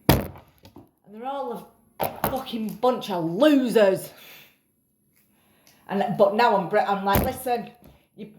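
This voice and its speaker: A woman's voice: mid-range voice, takes it slowly, pauses often, roomy sound, noisy background. A tired woman rambling in a casual vlog, self-mocking and swearing casually. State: tired after a night up. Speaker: vlogger.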